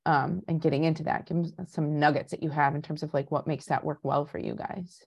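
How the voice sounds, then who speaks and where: A woman's voice: low voice, steady tone, a little fast, gravelly, husky. A woman hosting a podcast, asking long, rambling questions that pile several together in casual talk. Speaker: podcast host.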